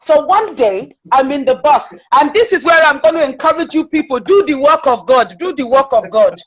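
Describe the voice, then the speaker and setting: A woman with a British accent telling personal stories as a guest in an interview, animated and chatty, with frequent fillers. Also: high-pitched, normal speed, rough recording.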